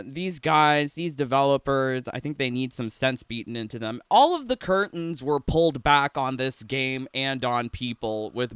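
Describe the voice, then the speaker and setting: A man's voice: medium pitch, fairly bright tone, smooth, no echo. A man ranting in a sarcastic, rambling, giggly way from his home in a casual gaming vlog. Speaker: gaming YouTuber. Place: home room.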